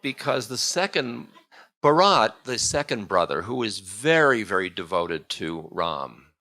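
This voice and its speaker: A man's voice: fairly low pitch, very animated, a little slow, bright, forceful tone. A man, a spiritual teacher, giving a storytelling lecture in a casual, meandering way with chuckling asides.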